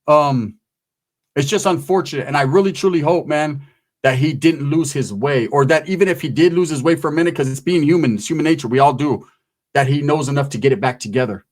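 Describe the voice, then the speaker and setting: A man's voice: fairly high pitch, fairly quick, a little mellow. A man giving casual vlog commentary in streetwise, slang-heavy talk, swearing freely. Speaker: channel commentator.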